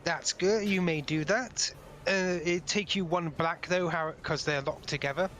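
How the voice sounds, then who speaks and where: Bright-voiced man running a tabletop game. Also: fairly high pitch, measured pace, a little hiss or hum. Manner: directs players and narrates the action. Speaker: game master.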